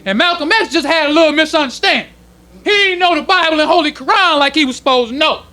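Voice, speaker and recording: A man preaches to his congregation in a strikingly high voice. His tone is bright and sharp, and his delivery is loose and conversational. He slows down deliberately whenever he reads a passage aloud. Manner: preaching in casual street-level speech, slowing to read quoted passages. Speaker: minister. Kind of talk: sermon teaching. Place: temple congregation hall.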